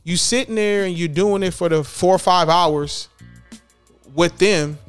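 A man's voice: sits high, unhurried, clean tone, faint music behind. A man talking casually as a parent, rambling and restarting his sentences often. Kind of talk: casual chat.

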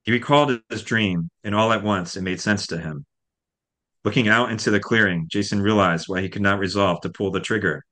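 A man, the author and guest, reads a passage from his novel in a steady, measured way. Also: fairly low pitch. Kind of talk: reading aloud from his novel.

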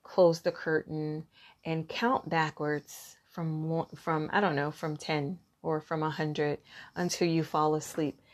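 Woman, middle-aged, lowish voice, earnest, encouraging, self-care advice talk, restarts sentences. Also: flat delivery, slow.

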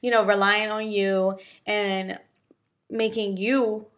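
A woman's voice: medium pitch, level tone, slow pace. A young woman in casual chat, speaking candidly, swearing freely and laughing often.

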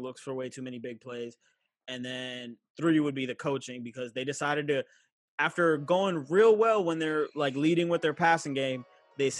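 A young man in casual sports chat, ranting in a heated, profane way. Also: mid-range voice. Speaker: podcast co-host, sports fan.

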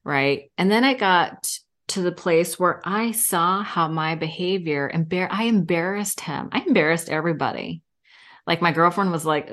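A woman's voice: fairly low pitch, moderate pace, a bit bright. A woman in her fifties, a podcast guest in casual interview chat, telling candid stories and laughing often.

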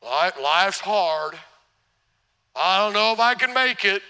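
A man putting on the voice of a gloomy grumbling complainer who whines slowly about everything. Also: high-pitched, expressive, vocal fry, bright, forceful tone, smooth, exaggerated voice. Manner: slow, droning, whiny complaints. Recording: long church reverb.

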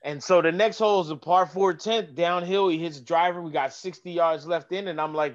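Animated storytelling man, lo-fi sound. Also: a little high, normal speed, few pauses. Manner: animated, swears, acts out voices in anecdotes. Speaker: golf caddy and comedian. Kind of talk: casual podcast storytelling.

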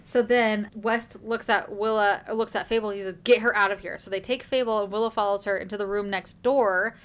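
A woman's voice: medium pitch, steady tone, fairly quick, a bit bright. A woman hosting a book podcast, casually recapping a chapter in a chatty, filler-heavy way. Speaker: book discussion podcast host.

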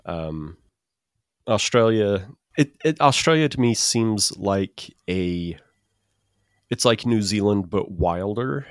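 A man's voice: fairly low pitch, animated, slow pace, smooth, dry recording, clean studio sound. A man co-hosting a podcast in casual chat, with many restarts and fillers. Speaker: podcast co-host.

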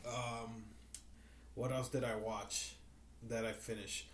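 A man's voice: medium pitch, flat delivery, slow pace, reverberant. A man co-hosting a podcast in casual chat, joking crudely and swearing freely. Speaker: podcast co-host.

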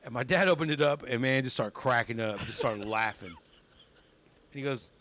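A man's voice: medium pitch, moderate pace, dry recording. A young man, a comedian guest on a podcast, telling stories in a casual chat and laughing often as he talks. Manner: animated, laughs often while talking.

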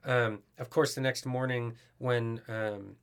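A man's voice: medium pitch, fairly even intonation, slow, smooth. A man guest on a podcast telling a touring story in casual chat, rambling with many fillers. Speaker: musician guest.

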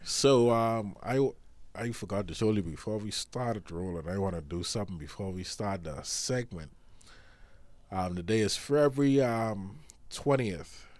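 A man's voice: fairly low pitch, unhurried, a little mellow, no room sound. A man co-hosting a casual podcast, reading news items aloud with small stumbles and a slightly nasal voice from sinus trouble. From Bahamas. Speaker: podcast co-host.

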